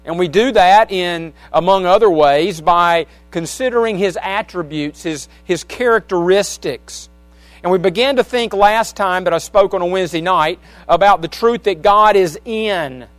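A man's voice: sits high, normal speed, no echo, faint music behind. A man preaching a midweek church service, mixing folksy asides to the congregation with scripture reading. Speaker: pastor. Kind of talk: sermon. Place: church sanctuary. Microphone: wireless handheld microphone.

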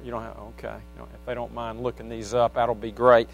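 Medium in pitch but flat, quick, and creaky, a man preaches a midweek service in a church sanctuary, speaking into a wireless handheld microphone. This pastor blends folksy asides to his congregation with readings from scripture.

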